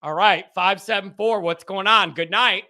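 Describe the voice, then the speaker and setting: A high, very bright male voice hosting a live call-in show. He talks in an animated, rambling way, chuckling between thoughts. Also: normal speed. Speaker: show host.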